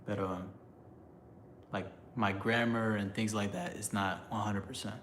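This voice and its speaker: A man's voice: fairly low pitch, level tone, fairly bright tone, slight background noise. A man casually chatting on a live stream, reading chat aloud, loose and joking, laughing often. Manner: halting when he switches languages.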